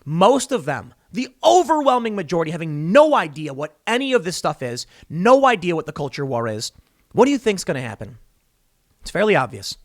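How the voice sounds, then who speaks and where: A man's voice: on the high side, no echo, clean studio sound. A man hosting solo political commentary, opinionated and rambling, often restarting and going off on asides.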